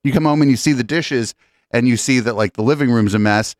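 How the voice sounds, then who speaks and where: A man co-hosting a podcast, reacting to clips in an excitable, profane, laughing way. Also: medium pitch, quick pace, dry recording, clean studio sound. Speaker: podcast co-host. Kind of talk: casual reaction chat.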